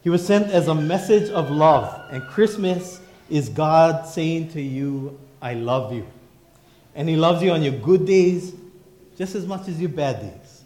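A pastor preaching a sermon in emphatic, repeating refrains. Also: male voice, a little high, a little slow, dark tone, echoey room.

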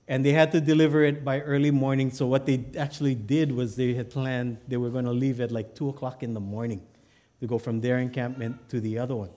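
Male pastor, sermon storyteller, animated, loud to hushed. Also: medium pitch. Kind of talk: sermon, telling a joke story.

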